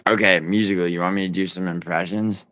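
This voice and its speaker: A man with a very low, smooth voice talks loosely to his livestream chat, teasing viewers and swearing as he rambles. He is at home and sounds dry and close, with no room around him. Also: steady tone, quick pace, fairly bright tone, dry recording. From United States. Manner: rambling, teasing, profane banter.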